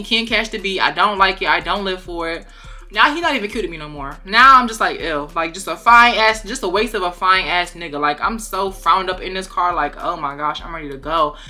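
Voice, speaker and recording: Sassy, bright-voiced young woman telling a story. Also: medium pitch. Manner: animated, profane, sassy storytelling. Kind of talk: storytime vlog.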